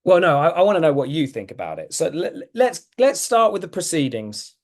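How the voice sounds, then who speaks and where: A man co-hosting a podcast, talking in a measured, thoughtful, mild way. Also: fairly high pitch, sing-song. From Britain. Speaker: podcast co-host. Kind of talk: casual podcast chat.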